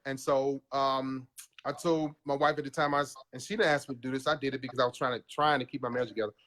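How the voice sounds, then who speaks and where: A man's voice: mid-range voice, fairly even intonation, quick pace, a bit bright. A man in his forties, a podcast guest, telling his story in an earnest, confessional way and calling the host bro. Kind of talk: candid personal interview.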